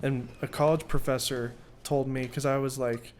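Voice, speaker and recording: A man's voice: mid-range voice, level tone, normal speed, a little mellow. A young man chatting casually as an interview guest while playing a game, rambling and joking. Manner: laughing, rambling, jokey. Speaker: interview guest, magician and video maker. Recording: faint background noise.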